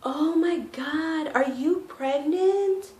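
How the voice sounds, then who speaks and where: A woman putting on the voice of a tactless, effeminate male coworker, high and drawn out. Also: drawn-out words, darkish tone. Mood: gushing. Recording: echoey room with faint noise.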